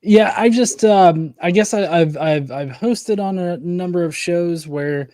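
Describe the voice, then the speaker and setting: A man hosting an interview, asking his questions haltingly, with frequent fillers and restarts. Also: high voice, dark tone, no echo. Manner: hesitant, many fillers and restarts. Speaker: host. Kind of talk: casual interview chat.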